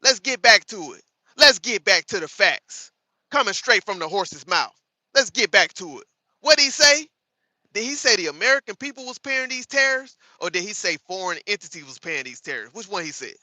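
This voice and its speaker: High, sharp-voiced combative stream host. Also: male voice, very animated, normal speed, dry recording, poor audio. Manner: combative, profane, taunting chat; repeats lines for emphasis. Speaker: livestream host. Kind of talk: live reaction commentary to chat.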